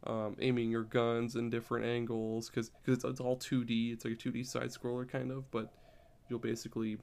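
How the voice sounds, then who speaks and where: A man's voice: mid-range voice, completely flat delivery, a little fast, vocal fry, darkish tone. A man chatting casually on a podcast, rambling and repeating words as he explains. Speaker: podcast co-host.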